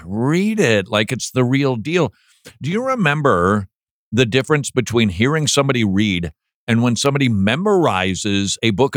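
A man hosting a podcast in casual chat, animated and joking, now and then mocking a flat monotone reading. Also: mid-range voice, no echo, studio quality. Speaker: podcast host.

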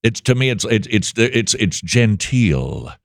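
A man's voice: fairly low pitch, very animated, gravelly, dry recording. A man hosting a radio show, chatting casually and teasing his guest with dry jokes. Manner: joking, teasing, quick back-and-forth. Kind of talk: casual interview chat.

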